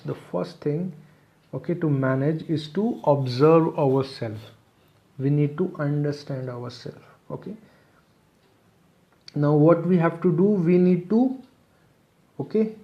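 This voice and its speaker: A man's voice: a little high, dark tone. A man presenting a webinar lecture, explaining step by step, repeating his phrases and checking in with "okay". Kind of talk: online lecture.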